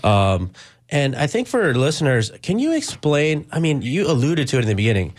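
A man hosting a radio talk show, asking a guest long questions in a halting, conversational way. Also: mid-range voice, very animated. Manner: conversational, halting, many fillers. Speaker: radio host. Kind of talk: radio interview. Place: radio studio.

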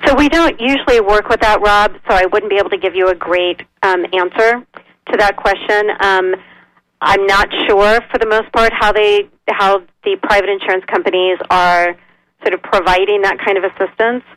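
A woman guest expert explaining health insurance options in a measured, informative way, with frequent ums. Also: medium pitch, steady tone, a bit bright, no echo, low-quality recording. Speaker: nonprofit executive director, guest expert. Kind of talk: radio interview.

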